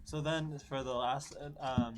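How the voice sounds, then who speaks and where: A man's voice: medium pitch, steady tone, measured pace, background noise. A man playing a character in a tabletop game, hesitant and full of ums and restarts. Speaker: player. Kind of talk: casual tabletop play.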